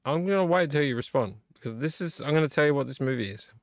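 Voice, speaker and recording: A man's voice: a little high, animated, fast talker, no echo. A man hosting a late-night live video stream, rambling and teasing a viewer by name while a little tipsy from drinking. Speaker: vlog host.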